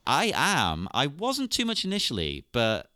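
A man's voice: mid-range voice, wildly swooping pitch, a little slow, pushed and bright, no room sound, clean studio sound. A man hosting a podcast, chatting casually and laughing often. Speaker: podcast host. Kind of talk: casual chat.

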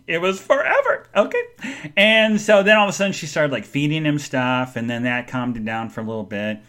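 A man hosting a live podcast, telling a story in an animated way, speaking straight to his listeners and answering chat comments. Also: on the high side, fairly quick. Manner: animated, addresses the audience directly. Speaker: podcast host.

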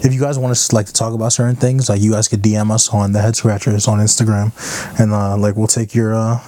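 A man's voice: on the low side, little pitch movement, quick pace, warm tone. A young man co-hosting a podcast, telling stories and teasing his friend in a casual chat full of fillers. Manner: loose storytelling with many fillers and teasing. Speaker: podcast co-host.

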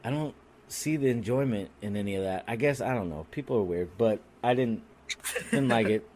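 A man's voice: on the low side, brisk, slight background noise. Crude, rambling podcast guy. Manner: crude, rambling and animated, with frequent restarts. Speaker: podcast co-host. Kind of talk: casual comedic storytelling.

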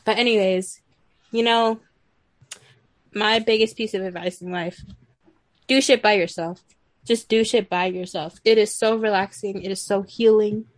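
Young woman from houston just rambling and cussing on a podcast, middle pitch, dry close sound. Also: steady tone, a little slow, long pauses, no room sound. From Houston, Texas. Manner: rambling, profane, chatty. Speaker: podcast co-host. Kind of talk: casual chat.

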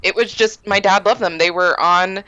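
A woman's voice: medium pitch, moderate pace, pushed and bright, dull audio. A woman in casual podcast chat, chatty and self-deprecating.

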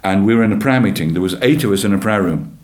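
A man, a church leader giving an earnest, animated personal testimony in an interview, often repeating his phrases. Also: lowish voice, fast talker. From England. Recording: roomy echo.

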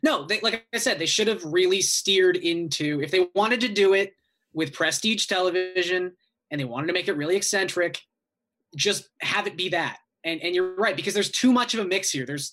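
A man's voice: sits high, a little fast, sharp tone. A man co-hosting a casual podcast, talking through arguments at length. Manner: reflective, builds arguments at length. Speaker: podcast co-host.

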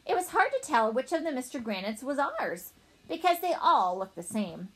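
A woman narrating a children's storybook in a playful, animated way as a young boy narrator. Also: high voice, normal speed, background noise. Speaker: audiobook narrator.

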